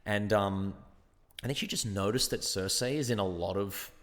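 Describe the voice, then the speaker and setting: A man's voice: on the low side, normal speed, in a large hall. An Australian man, an actor and guest, chatting casually and thinking aloud, often restarting his sentences. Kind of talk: casual podcast chat.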